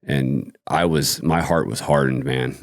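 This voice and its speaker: A man's voice: a bass voice, fairly even intonation, measured pace, no echo, studio quality. A man hosting a podcast, giving brief, laid-back replies in casual chat. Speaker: podcast host.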